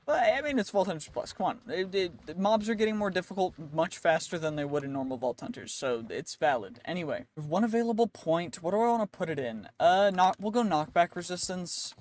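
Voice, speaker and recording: A man with a slightly higher voice than most talks his way through a video game session. He comments on loot and danger as it happens, in a chatty, excitable way. Clear game music plays behind him throughout. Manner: chatty, excitable, talks to himself while playing. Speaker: gaming YouTuber. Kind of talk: let's play commentary.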